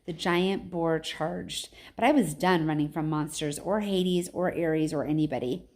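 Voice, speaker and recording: A woman's voice: sits low, a little slow, a little mellow. A woman, a teacher, reading a novel aloud with casual, chatty asides.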